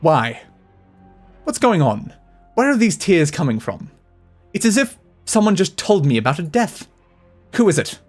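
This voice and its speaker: A man voicing a cold, scheming young woman leader with a measured, brooding delivery. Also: fairly high pitch, sing-song, soft background music.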